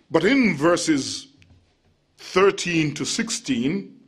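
A man preaching an expository sermon, measured and emphatic, slowing on key words and dropping into relaxed asides. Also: on the high side, slightly rough.

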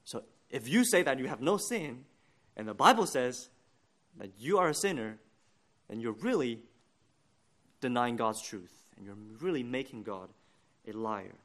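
A man delivering a sermon in a steady, mid-range voice. He speaks earnestly and deliberately, lifting his voice at key points and dropping it low at others. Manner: earnest, deliberate preaching with rising emphasis. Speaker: preacher.

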